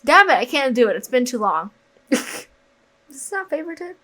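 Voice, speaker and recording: A woman's voice: sits high, sing-song, moderate pace, long pauses, bright, forceful tone, rough recording. A woman reading a story game aloud and chatting between lines, giggling and joking at her own asides. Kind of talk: casual let's-play commentary.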